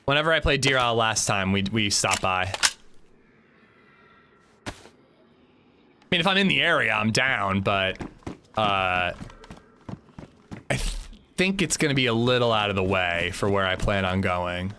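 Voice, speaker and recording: A man streams a game live in a fairly low, animated voice with a sharp tone, keeping a measured pace broken by long pauses. There's a little hiss or hum as he chats bluntly with viewers, rambling, swearing and restarting.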